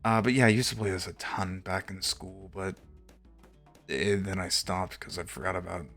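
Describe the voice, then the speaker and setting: Low-voiced young man rambling on stream. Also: normal speed, fairly bright tone, faint music behind. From Texas. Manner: rambling storyteller, lots of fillers, casual swearing. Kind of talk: casual chat while gaming.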